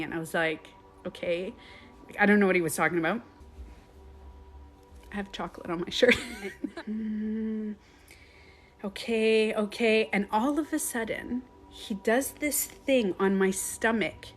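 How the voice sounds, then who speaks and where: A woman who coaches meditation, telling a personal story on a live stream in an animated way, swearing casually and laughing often. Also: medium pitch.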